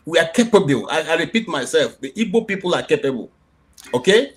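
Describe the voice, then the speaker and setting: A man's voice: a little high, big pitch swings, brisk, slightly rough. Heated Nigerian man arguing on a call-in show. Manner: emphatic, repeats himself, rising to near shouting when challenged. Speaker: program host.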